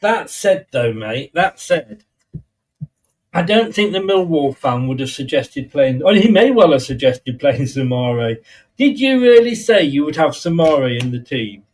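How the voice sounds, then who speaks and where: A man's voice: a little high, very animated, a little slow, a little mellow. English male co-host, blunt and banter-heavy, distant from the mic. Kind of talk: casual football chat.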